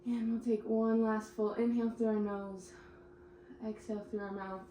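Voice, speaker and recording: A woman's voice: mid-range voice, flat delivery, moderate pace, mellow, slight background noise. A young woman leading a pilates class, giving encouraging cues and getting out of breath as she exercises along. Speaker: pilates instructor. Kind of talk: instructing a workout class. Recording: echoey room, mic at a distance.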